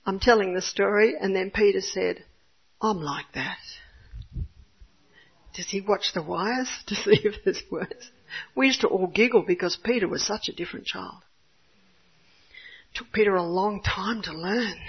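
An older woman, a homeschooling mother, gives an expressive faith testimony about her son. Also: medium pitch, breathy edge, lo-fi sound. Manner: earnest, expressive storyteller. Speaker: homeschooling mother giving a talk.

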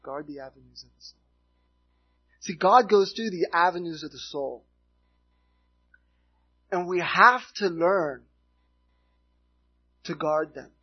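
A middle-aged man from Miami preaching a sermon in an earnest, halting way, telling a story between points, in a dull lo-fi recording. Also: on the high side, expressive, breathy edge. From Miami, United States. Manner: earnest, halting, with restarts and asides.

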